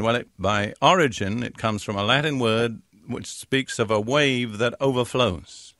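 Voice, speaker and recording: An older man preaching a Bible teaching, his voice at a middle pitch. He reads scripture slowly and stresses each key word. The sound is dry and close, with no room echo. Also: a bit bright. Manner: measured, emphatic reading of scripture verses. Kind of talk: sermon.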